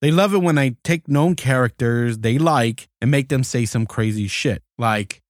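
A man's voice: mid-range voice, moderate pace, no room sound, clean studio sound. A man hosting a comedy show, talking casually to listeners and explaining how he came up with his characters. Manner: chatty, explaining. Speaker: host.

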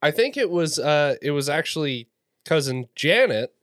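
A young man co-hosting a casual family podcast, joking and quick to laugh. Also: on the high side, sing-song, a bit bright, no echo, clean studio sound. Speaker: podcast co-host.

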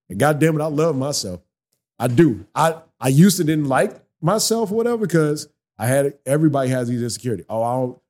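A man, a barber, talking in a casual podcast conversation in a barbershop, animated and preachy, swearing freely as he tells stories. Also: mid-range voice.

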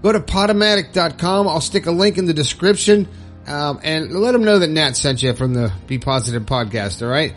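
A man's voice: on the high side, animated, brisk, soft background music. A man hosting his own podcast, talking in a chatty, upbeat, folksy way. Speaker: podcast host. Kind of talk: casual solo podcast talk.

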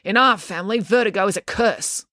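A woman's voice: mid-range voice, a little fast, pushed and bright, no echo, studio quality, voice pushed up, natural voice. A woman voicing a stern, blunt old woman who was once a circus aerialist. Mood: brusque. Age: older. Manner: brusque, blunt and commanding.

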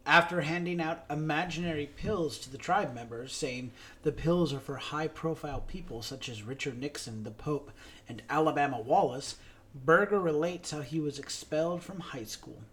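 A man co-hosting a podcast, giving a steady scripted reading of credits and a show synopsis. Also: a little high, normal speed. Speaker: podcast co-host.

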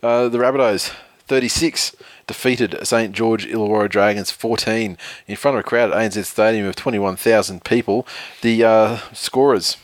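A man's voice: fairly low pitch, fairly even intonation, moderate pace, hardly any pauses, no echo. A man co-hosting a casual sports podcast, reading tweets aloud, laughing often and swearing casually. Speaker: podcast co-host.

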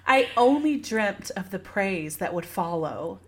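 A woman's voice: medium pitch, lively intonation, unhurried, a little hiss or hum. A woman co-hosting a casual podcast, playful and teasing, laughing easily and reading listener reviews aloud. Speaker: podcast co-host.

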